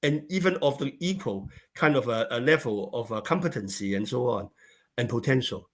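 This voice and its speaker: A man's voice: mid-range voice, lively intonation, moderate pace. A middle-aged man, originally from China, telling a personal story as an interview guest, with many fillers and repeated words. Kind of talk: storytelling in conversation.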